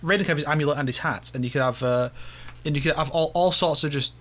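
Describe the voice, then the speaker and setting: A man talking on a gaming podcast with a voice a little higher than most. He restarts his sentences, repeating words before settling into his point. It has a relaxed, conversational pace. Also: quick pace, a little hiss or hum. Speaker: podcast co-host. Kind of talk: casual gaming chat.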